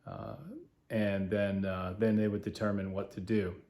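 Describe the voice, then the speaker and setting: A man hosting a podcast, talking in a halting, earnest way with many fillers. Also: on the low side, flat delivery, darkish tone. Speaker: podcast host. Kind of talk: casual spoken commentary.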